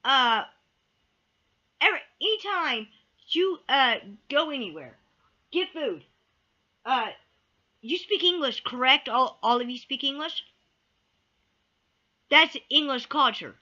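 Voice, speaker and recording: A woman rants to camera with a high, lively voice. Her tone is bright and sharp, and she hammers points home by repeating them. The audio is dull and lo-fi. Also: slow, long pauses. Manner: emphatic, repeats key words, swears then apologizes. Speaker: vlogger. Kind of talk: heated opinion rant to camera.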